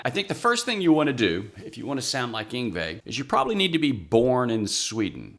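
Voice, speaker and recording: A man with a medium-pitched, slightly bright voice chats casually and wryly about guitar playing on his own channel. The vlog is rambling, with a chatty, self-deprecating manner.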